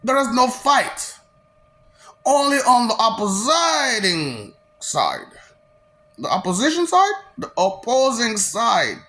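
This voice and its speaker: A woman's voice: fairly high pitch, very animated, takes it slowly, bright, forceful tone. A woman delivering a confrontational monologue in a taunting, mocking, preachy way.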